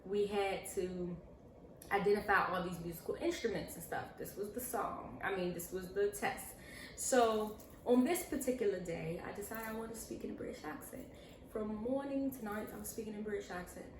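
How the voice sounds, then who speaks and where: A young woman vlogger answering viewer questions, telling stories in a lively, chatty way and acting out the voices of the people in them. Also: medium pitch, moderate pace. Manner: animated, chatty, acts out quoted voices. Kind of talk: casual storytelling Q&A. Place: indoors at home, seated with a pillow. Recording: echoey room, mic at a distance, faint hiss.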